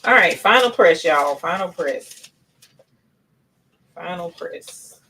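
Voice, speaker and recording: A woman's voice: on the low side, expressive, takes it slowly, noisy background. A woman hosting a crafting livestream, chatting casually and gushing to her viewers. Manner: gushing, addresses viewers as y'all. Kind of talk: casual live demo chat.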